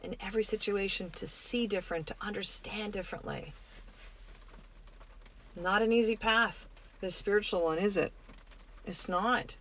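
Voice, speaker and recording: Middle-aged lady host doing a soft earnest spiritual pep talk, reflective, medium pitch. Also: fairly even intonation, moderate pace, pauses often, slight background noise. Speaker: podcast host. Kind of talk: spiritual self-help talk.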